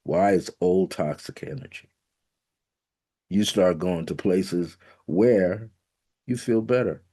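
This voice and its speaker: Deep mellow guy doing a spiritual pep talk, slows way down on the big words, chuckles here and there. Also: breathy edge. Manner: emphatic, slows down to stress key words and affirmations. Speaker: spiritual teacher. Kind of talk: motivational spiritual teaching talk.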